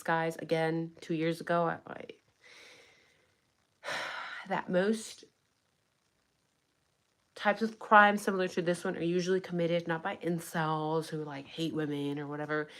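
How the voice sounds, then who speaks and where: Casting note: young adult woman, slightly low voice, blunt and sarcastic true crime streamer who swears. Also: fairly even intonation, measured pace, long pauses. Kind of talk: casual livestream commentary.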